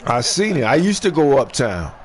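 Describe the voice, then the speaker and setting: An older man from Brooklyn with a New York accent, chatting casually and telling animated, slang-heavy stories while he plays a video game. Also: medium pitch, normal speed. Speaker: gamer streaming online play. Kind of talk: casual chat while gaming.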